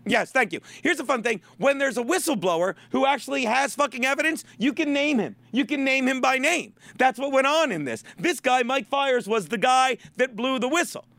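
A man's voice: very high-pitched, lively intonation, normal speed, few pauses, fairly bright tone, no echo. A male podcast host on a profane, rambling, sarcastic comedic sports rant.

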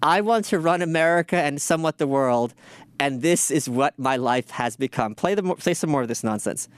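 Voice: medium pitch, expressive, a little fast, clear, resonant tone, no room sound. A podcast host giving profane, sarcastic commentary on video clips and mocking the people in them. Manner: sarcastic, mocking, swears a lot; mimics others in put-on voices.

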